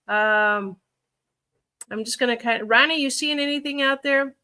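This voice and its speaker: Bright-voiced Chicago woman, rambling livestream. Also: sits high, moderate pace. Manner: rambling, thinks aloud with many fillers. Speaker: livestream reader. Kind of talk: casual livestream chat.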